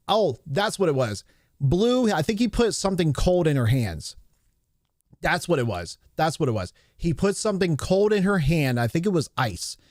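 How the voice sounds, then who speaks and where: A man's voice: fairly high pitch, a little mellow, dry recording, clean studio sound. A man hosting a casual live stream, retelling a movie scene in a rambling way, restarting sentences as he recalls details.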